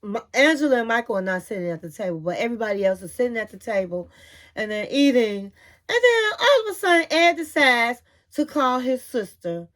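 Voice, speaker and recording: A high-voiced woman vlogger retelling a show's drama in a chatty, gossipy way. She talks to her listener like a friend, tossing in a "honey" now and then. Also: sing-song, a little fast, a bit bright. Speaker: reality TV recap vlogger. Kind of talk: casual recap chat.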